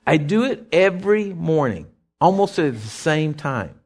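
Male pastor, middle-aged, folksy sermon delivery, slightly high voice, very lively pitch. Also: measured pace. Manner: folksy, conversational preaching with asides and questions to listeners.

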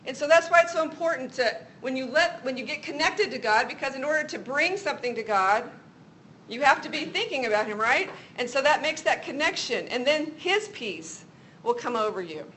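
A woman's voice: high-pitched, animated, a little fast, a bit bright, slight background noise, poor audio. A middle-aged woman co-hosting a Christian talk show, giving an earnest faith teaching and telling personal stories. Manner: earnest, testimony-style storytelling.

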